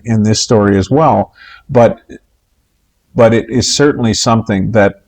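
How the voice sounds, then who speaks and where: Slow, measured male Bible teacher. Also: fairly low pitch, a little mellow. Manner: slow, measured, with frequent pauses and "uh" fillers. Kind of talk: recorded Bible lesson lecture.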